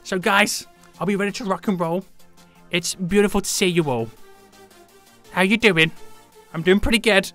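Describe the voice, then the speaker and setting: A young man live-streaming a game, chatting with viewers in a hyped, jokey, animated way. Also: high voice, normal speed, long pauses, faint music behind. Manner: hyped, jokey, animated, greets chat members.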